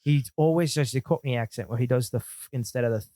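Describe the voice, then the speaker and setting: A man co-hosting a film podcast, talking in a quick, opinionated way and laughing often. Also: medium pitch, dark tone, no room sound. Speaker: podcast co-host. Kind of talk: casual chat.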